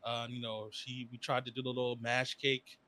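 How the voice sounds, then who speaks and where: A young man chatting casually as a podcast co-host, rambling through stories with slang and sudden animated bursts. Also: mid-range voice, normal speed. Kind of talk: casual chat.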